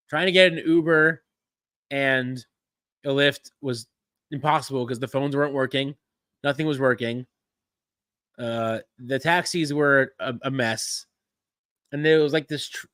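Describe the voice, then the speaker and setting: A man's voice: mid-range voice, sharp tone, no room sound. A man hosting a casual wrestling-watch live stream, rambling with frequent restarts and easy chuckles. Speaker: podcast host.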